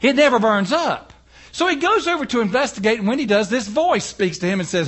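A man's voice: very high-pitched, animated, a little fast, fairly bright tone, husky. A male preacher retelling a Bible story in a folksy, conversational sermon, talking straight to the congregation.

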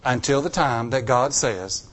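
A man's voice: mid-range voice, animated, unhurried. A middle-aged man preaching a story-filled sermon, acting out quotes in shifting voices.

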